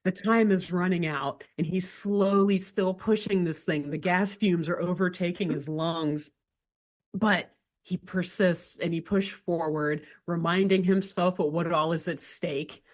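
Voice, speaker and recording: A woman co-hosting a podcast, retelling a cartoon episode in casual chat with animated storytelling and lots of filler words. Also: fairly low pitch, a little slow. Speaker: podcast co-host.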